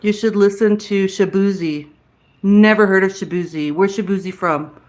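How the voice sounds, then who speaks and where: A woman's voice: medium pitch, moderate pace, darkish tone. A woman hosting a casual livestream, chatting frankly with viewers and answering their comments aloud, with the odd curse word. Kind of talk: casual live-chat talk.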